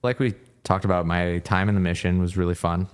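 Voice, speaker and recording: Low-pitched, clear and resonant, his voice moves a little fast. He's a thirties-aged ex-hockey coach from Virginia, guesting on a podcast and spinning casual stories in which he lively acts out the people he's quoting.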